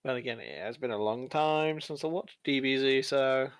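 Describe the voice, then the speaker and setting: A man's voice: medium pitch, normal speed, clear, resonant tone, no echo. An Irish man chatting and joking while streaming a video game, laughing often at his own stories. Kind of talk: casual chat over gameplay.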